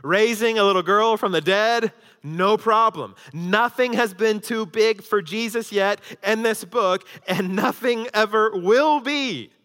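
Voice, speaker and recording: A man preaching a sermon as pastor, swinging between loud emphasis and hushed intensity. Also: sits high, a little slow, smooth. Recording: long hall reverb.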